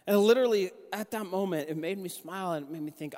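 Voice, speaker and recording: Man preaching with animated stories, hall reverb. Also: sits high, fast. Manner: conversational, animated storytelling with restarts. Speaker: youth pastor and junior high basketball coach. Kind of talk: sermon with personal stories.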